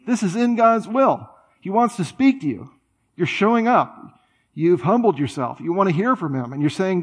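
Guy preaching, chatty and animated, a bit higher pitched. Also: moderate pace. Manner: conversational, animated, with playful asides. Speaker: pastor. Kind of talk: sermon.

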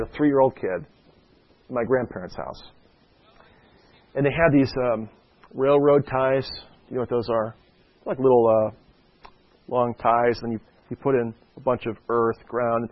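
Conversational male preacher, lo-fi sound. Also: mid-range voice. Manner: conversational, often adds "okay?". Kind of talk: sermon with a personal story. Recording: dull lo-fi sound.

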